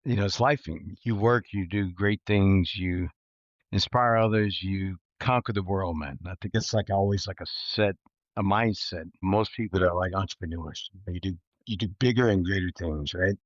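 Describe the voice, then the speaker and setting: A man talks as an interview guest in a very low voice. He is laid-back and reflective, filling his speech with "you know" and "like". The recording is dull and dry. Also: normal speed, no room sound. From East Texas. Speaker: guest entrepreneur. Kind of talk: casual interview chat.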